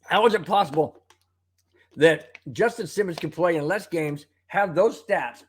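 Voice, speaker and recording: A man's voice: on the high side, unhurried, slightly rough. A man with a slightly raised voice hosts a live sports talk stream. He gets worked up and rants as he answers viewer comments. A tickle in his throat sets off coughs along the way. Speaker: live show host.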